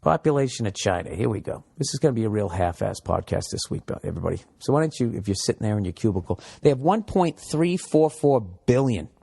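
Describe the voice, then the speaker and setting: A man's voice: fairly low pitch, fast, creaky, few pauses, slightly rough. Profane rambling male comedy podcaster. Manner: profane, animated, shifts into mocking shouted voices. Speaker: podcast host. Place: home room with window.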